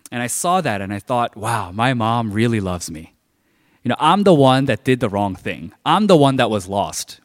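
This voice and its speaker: A man preaching a sermon in a conversational storytelling way, with many filler words. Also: mid-range voice. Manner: conversational, heavy use of filler "like". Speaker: pastor. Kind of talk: sermon told as a personal story. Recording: long hall reverb.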